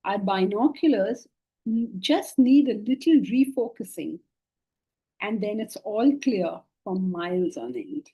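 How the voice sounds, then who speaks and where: Husky, mellow-voiced woman teaching philosophy. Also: mid-range voice, a little slow, rough recording. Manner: lively, questioning the class. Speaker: Vedanta teacher. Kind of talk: spiritual lecture.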